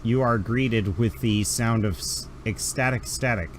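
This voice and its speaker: A man running a tabletop role-playing game as game master, narrating scenes and reacting to players with animated energy. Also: unhurried, noisy background. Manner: animated, laughing, jumps into high character shouts.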